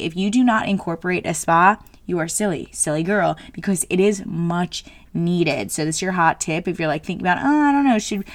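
A woman's voice: on the low side, no echo. A woman in her late twenties talking casually as a solo host, frank and jokey, full of fillers. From New Jersey. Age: 20s.

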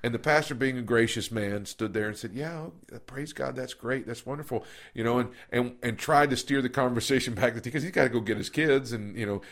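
A man's voice: mid-range voice, fast talker, hardly any pauses. A man co-hosting a podcast from an office, telling stories in a casual, folksy way that is full of restarts and repeated words. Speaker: podcast co-host. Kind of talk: casual conversational storytelling. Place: office recording room.

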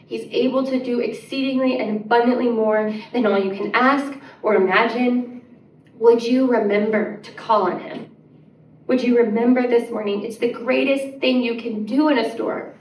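A woman with a slightly high voice preaches to her congregation, earnest and pleading, climbing to emphatic peaks. She is heard from some distance in a reverberant church room, with faint room hiss underneath. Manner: earnest, rising to emphatic, drops to soft prayer. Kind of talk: sermon. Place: church sanctuary. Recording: echoey church room, mic set back.

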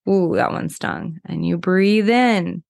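A woman in her thirties hosting a podcast, telling a personal story in a candid, conversational way with many fillers and slowing down for breathing steps. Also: fairly low pitch, vocal fry, a little mellow, dry recording. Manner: speeds up when worked up, slows for breathing steps. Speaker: podcast host and body worker. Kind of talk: personal storytelling, guided reflection.

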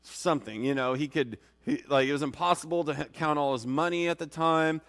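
A man's voice: a little high, brisk, a bit bright. Man, preacher, informal sermon, rambling, conversational, long reverb. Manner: conversational, rambling with many restarts and fillers.

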